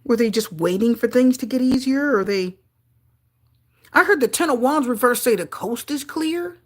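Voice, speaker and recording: A woman giving a live tarot reading to her viewers, talking in an excitable way with frequent exclamations. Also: fairly high pitch, normal speed. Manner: excitable, gasping and exclaiming at cards. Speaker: tarot reader.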